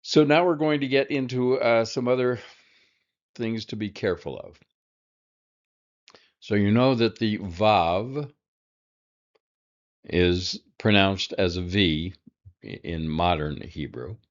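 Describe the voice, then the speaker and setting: A man walks through a lesson slowly, in a very deep voice. He halts often with fillers and drops in dry little asides. The recording sounds a bit dull and lo-fi. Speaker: Hebrew teacher.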